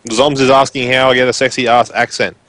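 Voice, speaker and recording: A man's voice: mid-range voice, flat delivery, brisk, fairly bright tone, dry recording. A man with a broad rural Queensland Australian accent, chatting casually and rambling on a live stream as a guest commentator. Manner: rambling, informal, filler-heavy.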